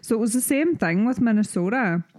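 A woman's voice: on the high side, animated, a little fast, darkish tone, no echo, clean studio sound. A young woman from Donegal with an Irish accent, chatting casually as a podcast co-host, rambling with plenty of fillers. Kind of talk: casual chat.

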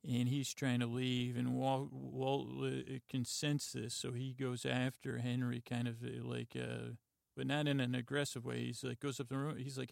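Man, podcast host, halting sleepy recap, monotone, dry close sound. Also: medium pitch, vocal fry, no room sound. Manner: halting, lots of "uh" and "like", quiet and meandering. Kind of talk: rambling sleepy retelling of a TV episode.

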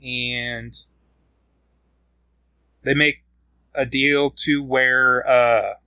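Slow-talking man recapping a comic. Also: mid-range voice, level tone, bright, forceful tone, clean tone, no room sound, rough recording. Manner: rambling retelling with many fillers. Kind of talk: casual comic book recap.

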